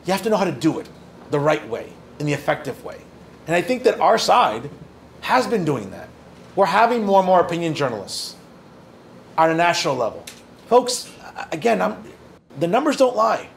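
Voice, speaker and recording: A man from northern New Jersey works through audience questions as a guest journalist, slightly high-pitched and gravelly. He talks in a loose, earnest way and drops in jokes. A faint hiss sits under the voice. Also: big pitch swings, normal speed, pauses often. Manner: conversational, joking asides, earnest. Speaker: opinion journalist and guest speaker. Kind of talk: audience Q&A talk.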